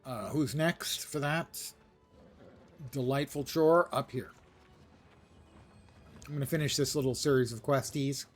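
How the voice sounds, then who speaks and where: A man's voice: mid-range voice, a little slow, long pauses, soft background music. A man streaming a video game live, chatting casually and joking at his own expense. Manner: self-deprecating, joking.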